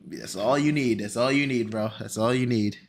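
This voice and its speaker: A man's voice: mid-range voice, normal speed, slight background noise. A young man streaming casually, rambling and exclaiming to himself as he sets things up. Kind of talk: casual stream chat while setting up a video.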